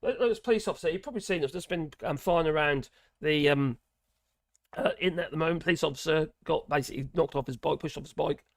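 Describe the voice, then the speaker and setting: A man's voice: a little high, quick pace, gravelly, no room sound. Brief: sardonic male livestream host, rambling chat, dry close recording. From England. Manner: sardonic, rambling, with wry laughs. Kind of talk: casual livestream commentary.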